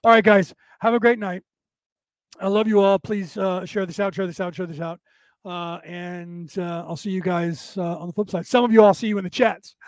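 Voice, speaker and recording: Casting: a male livestream host with a fairly high voice, rambling talk full of fillers and restarts, recorded close and dry. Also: a little mellow, no echo. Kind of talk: casual solo livestream talk.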